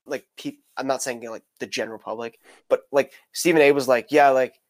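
A man in the host's seat of a casual sports chat, his voice sitting at an ordinary middle pitch. He rambles, doubles back and restarts his sentences as he builds his point. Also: steady tone, a little fast, no room sound. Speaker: podcast host.

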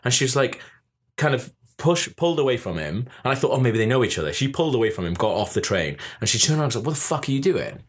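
A man's voice: medium pitch, fast. A young man, a podcast host telling a story in casual chat and acting out the quotes. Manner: animated, swearing, acts out quotes.

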